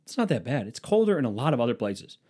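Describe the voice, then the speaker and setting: A man's voice: medium pitch, very animated, quick pace, mellow. A man from the Cleveland area riffing in a casual, profane, sarcastic monologue. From Cleveland, Ohio area.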